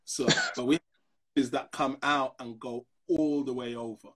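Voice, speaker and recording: Speaking at a normal pace in a medium-pitched voice, this man in his fifties, a pastor, brings his personal stories to life during a relaxed discussion. He's an animated storyteller who imitates the voices of others in his tales.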